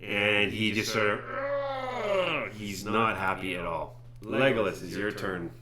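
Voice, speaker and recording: A man narrating a tabletop game as game master, halting and correcting himself as he describes the fight. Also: lowish voice, big pitch swings, background noise. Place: home streaming setup.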